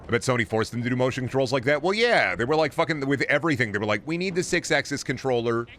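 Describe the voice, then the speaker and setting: A man's voice: medium pitch, lively intonation, very fast, a bit bright. A man streaming a shooter game, talking to his chat in a profane, blunt and mocking way. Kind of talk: casual game commentary to chat.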